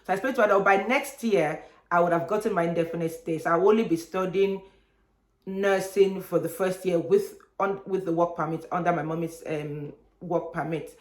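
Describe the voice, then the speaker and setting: A young woman, telling a personal story on her vlog in an animated way and acting out other people's voices. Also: lowish voice, fairly quick. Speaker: vlogger. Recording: echoey room.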